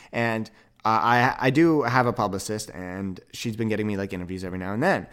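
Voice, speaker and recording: A young man hosting a podcast, telling a rambling story with quick self-corrections and an upbeat, animated manner. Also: medium pitch. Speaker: podcast host. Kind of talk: casual monologue.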